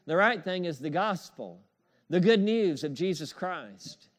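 Male pastor, high voice, emphatic preaching with repeated amens and soft chuckles. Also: lively intonation, unhurried. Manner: emphatic, repetitive call-and-response preaching with chuckles. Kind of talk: sermon.

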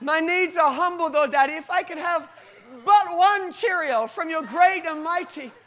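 A man's voice: very high-pitched, normal speed, pushed and bright, voice pushed up. A man voicing a little boy who begs his father for food in flowery, mock-solemn old-fashioned words. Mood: mock-pleading. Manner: mock-solemn, pleading, grandly formal.

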